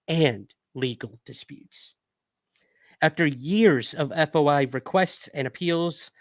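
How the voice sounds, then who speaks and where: A young man with a slightly high voice hosts a livestream, chatting casually with viewers and reading news articles aloud. He hiccups a bit after drinking whiskey. The recording is dry.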